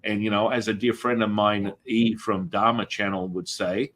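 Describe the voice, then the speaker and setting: A man's voice: on the low side, steady tone, normal speed, a bit bright. A man hosting a podcast, talking in a meandering, reflective way about spiritual ideas. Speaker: podcast host. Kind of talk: spiritual conversation.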